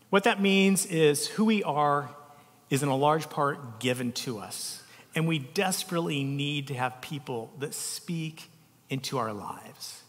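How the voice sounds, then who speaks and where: Emotional pastor preaching in a reverberant hall. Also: male voice, on the high side. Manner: emotional, storytelling, speaks softly at tender moments. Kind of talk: sermon.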